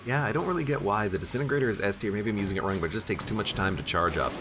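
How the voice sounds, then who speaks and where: A man's voice: fairly low pitch, animated, rapid-fire, over music. A man giving casual, jokey gameplay commentary while streaming and chatting with his viewers. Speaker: streamer playing a video game.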